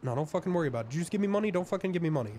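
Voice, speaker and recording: A man's voice: a little high, lively intonation, rapid-fire, a little mellow, slight background noise. A man roleplaying a crook in a game, talking in a profane, rambling, conspiratorial way. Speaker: roleplay streamer playing a crook.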